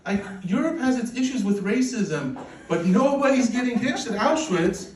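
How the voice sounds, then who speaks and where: A man in his forties, originally from Poland, performing a deadpan, self-deprecating stand-up comedy set on a club stage with a handheld mic. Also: very high-pitched, moderate pace. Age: 40s. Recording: echoey room recording from a distance, loud noise.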